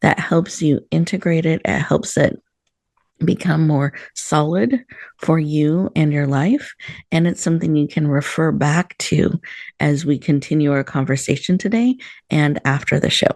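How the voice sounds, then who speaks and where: A woman hosting a show, gently guiding listeners through a slow breathing meditation in a soothing manner. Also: sits low, no echo, clean studio sound. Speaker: host.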